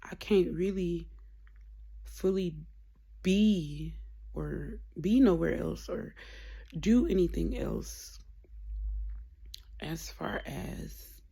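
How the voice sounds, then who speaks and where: A young woman rambles candidly to her camera, her low voice full of gravelly fry. She drifts between plain talk and soft whispers as she thinks aloud. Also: slow pace, long pauses. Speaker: vlogger. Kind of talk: casual personal vlog.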